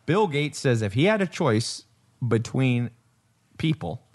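A man's voice: medium pitch, very animated, measured pace. A man talking casually on a podcast, blunt and emphatic, swearing and laughing as he makes his points. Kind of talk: casual conversation.

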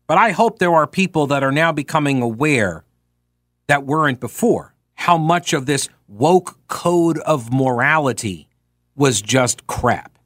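A man's voice: a little high, expressive, measured pace, fairly bright tone, dry recording, clean studio sound. A man hosting talk radio, talking casually and reading quoted passages with sarcastic asides.

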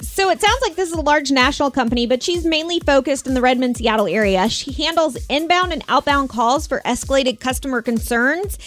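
A woman co-hosting a radio morning show, asking quick questions and chatting cheerfully. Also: sits high, expressive, a bit bright, faint music behind. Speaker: radio co-host. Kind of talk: radio banter. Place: radio studio.

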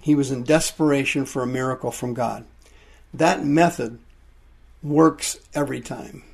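A man preaching a sermon, explaining Greek words from the Bible with drawn-out emphasis. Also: mid-range voice, steady tone, vocal fry, a little mellow, breathy edge.

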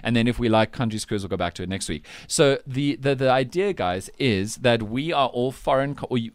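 A man's voice: medium pitch, clear, resonant tone, no echo. A man hosting a podcast, explaining a game in a casual, self-correcting, rambling way. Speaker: podcast host. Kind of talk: casual chat.

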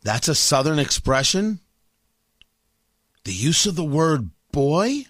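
A man's voice: a little high, sing-song, slow, fairly bright tone, no room sound, clean studio sound. A man hosting a political commentary show, sarcastic and emphatic, needling his target. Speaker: commentary host.

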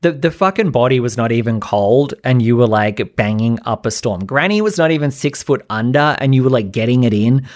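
A man's voice: medium pitch, lively intonation, fairly quick, few pauses, no room sound, studio quality. Blunt, profane man commentating. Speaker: podcast host. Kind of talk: opinionated commentary.

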